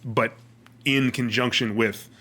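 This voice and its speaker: A man's voice: mid-range voice, fairly even intonation, slow, sharp tone. A man co-hosting a podcast, chatting casually and often repeating words as he starts his thoughts. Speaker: podcast co-host. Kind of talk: casual chat.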